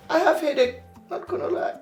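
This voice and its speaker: A stressed Nigerian market trader, worn down by debts and complaining to a friend. Her voice sits high, with faint music behind. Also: sing-song, moderate pace, a little mellow, exaggerated voice. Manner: complaining, weary, sighing. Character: stressed woman trader in debt.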